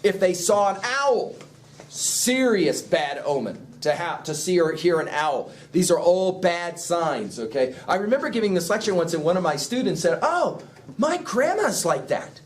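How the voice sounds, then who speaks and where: Brief: male English teacher, slightly high voice, quizzes the class as he explains, faint room hum. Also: moderate pace. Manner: asks the class questions, lively explaining. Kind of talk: classroom lecture.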